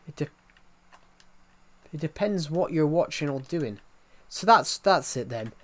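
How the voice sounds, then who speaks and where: A man's voice: on the high side, animated, unhurried. A young man live streaming and chatting with viewers in a rambling, jokey way, with a thick accent and lots of restarts. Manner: rambling, with many restarts and false starts; self-deprecating and jokey. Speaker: livestreamer. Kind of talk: casual livestream chat answering viewers.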